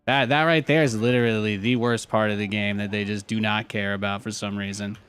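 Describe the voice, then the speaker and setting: A man's voice: fairly low pitch, steady tone, brisk, a bit bright, slight background noise. A man in his thirties streaming a strategy game, chatting casually and repeating himself, now and then getting heated. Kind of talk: casual live game commentary.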